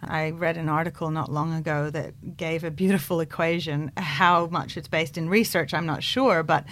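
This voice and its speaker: A woman's voice: low voice, moderate pace, a little hiss or hum. A woman in her thirties, a clinical psychologist, explaining her views animatedly in a radio interview. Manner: animated, acts out quotes in bright voices.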